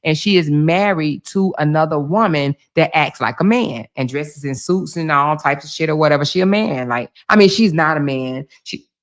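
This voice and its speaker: A woman with laryngitis hosting a casual livestream, talking loudly to her viewers, full of laughs and exclamations. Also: low voice, normal speed. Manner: loud, laughing, animated, talking to chat as "y'all". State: hoarse with laryngitis. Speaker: livestream host.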